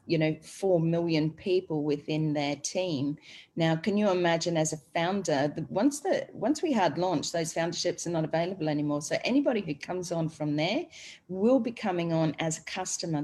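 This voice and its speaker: Australian woman, low-pitched, talkative panel speaker on a video call. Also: a little mellow. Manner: chatty, rambling, frequent fillers. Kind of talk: casual online group discussion.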